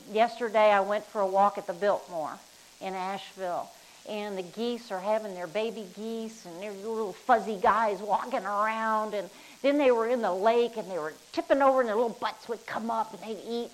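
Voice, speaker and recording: A woman's voice: mid-range voice, rough recording. Chatty woman leading a group. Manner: chatty, rambling, laughs easily. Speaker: workshop leader. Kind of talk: casual group teaching.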